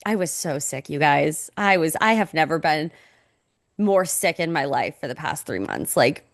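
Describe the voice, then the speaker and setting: A pregnant woman co-hosting a podcast in casual chat, animated and quoting herself in lively voices. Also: sits low, normal speed, vocal fry, no echo, clean studio sound. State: pregnant, recovering from sickness. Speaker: podcast co-host.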